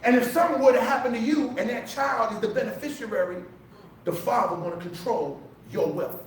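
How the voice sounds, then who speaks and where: A man preaching a sermon to a congregation, impassioned and shouting, with the congregation answering back. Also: very high voice, brisk. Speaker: pastor. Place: large church hall. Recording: echoey hall, mic from a distance. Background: congregation responding.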